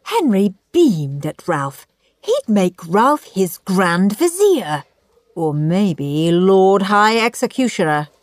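A woman narrating a bedtime story in an expressive, dramatic reading style. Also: medium pitch, slow, no room sound.

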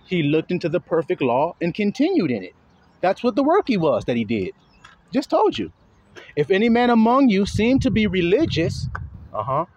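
A man's voice: high voice, a little mellow, muffled recording. A man giving an informal Bible teaching, talking loosely and profanely and drawing out the verses he reads. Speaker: preacher teaching from scripture. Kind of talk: casual spoken Bible teaching.

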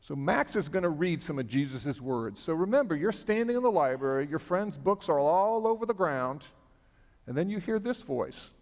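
Guy pastor talking to kids in church, kinda high voice, long echo in the sanctuary. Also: animated, normal speed, darkish tone. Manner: friendly, asks the kids questions. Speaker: pastor leading a children's message. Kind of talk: children's sermon.

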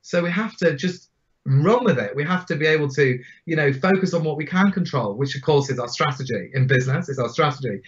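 A man in his forties, guest on an interview podcast, telling his stories in an animated, emphatic way. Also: fairly high pitch, a little fast. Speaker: guest speaker. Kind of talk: storytelling interview. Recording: dull lo-fi sound.

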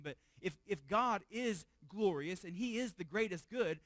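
Higher-pitched pastor preaching a sermon. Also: male voice, animated, measured pace, no room sound. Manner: conversational, repeats words, asks the room questions; swings from loud emphasis to hushed low tones.

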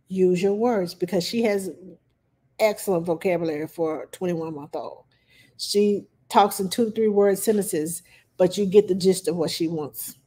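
A woman nanny giving parenting advice in a calm, plain-spoken casual talk, with frequent pauses and fillers. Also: on the low side.

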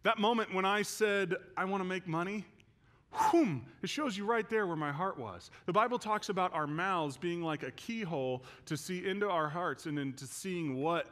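A male pastor preaching in a church, telling a personal story and moving from hushed, quiet passages to loud, intense ones. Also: sits high, normal speed, hardly any pauses. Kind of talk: sermon.

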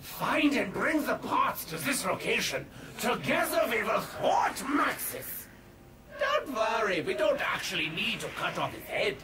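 An actor playing an excitable, scheming male mad scientist, shouting his lines in a theatrical way. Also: high-pitched, measured pace. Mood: gleeful. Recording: game audio over loud crowd and noise.

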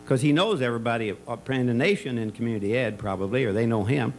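A man with a mid-range voice talks fast in a low-quality recording carrying a little hiss or hum. At a retirement party in a banquet room, he gives a folksy, rambling speech full of stories and jokes about a former school colleague. He often stops to restart his sentences and leans on fillers.

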